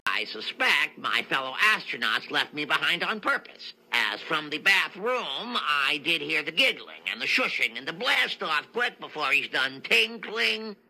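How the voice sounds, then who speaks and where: A man's voice: fairly high pitch, very animated, measured pace, few pauses, sharp tone, pitched above the performer's own voice, heavily acted, poor audio. A man voicing a nerdy, fussy cartoon scientist stranded on Mars, with a nasal, rambling delivery. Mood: aggrieved. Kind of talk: cartoon impression in casual podcast chat.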